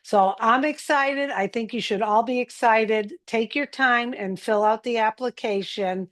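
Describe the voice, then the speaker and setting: A woman's voice: fairly high pitch, unhurried, a bit bright. A woman giving encouraging instructions on a live online group call. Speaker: community group speaker.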